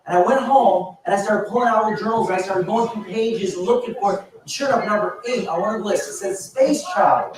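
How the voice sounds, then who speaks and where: A man in his fifties giving a motivational speech at a business event, telling stories in an animated way with frequent restarts. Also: high voice, fairly quick, hardly any pauses, noisy background. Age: 50s. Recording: echoey hall, voice from far off.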